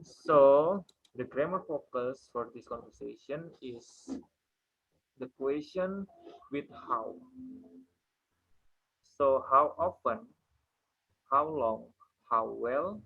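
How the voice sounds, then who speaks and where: A man with an Indonesian accent teaches English in a patient, step-by-step way, filling his talk with "you know" and "I mean". His voice is gravelly and husky. The recording sounds muffled and lo-fi. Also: medium pitch, expressive, slow pace, long pauses. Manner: patient, explaining step by step with many fillers. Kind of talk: online English lesson.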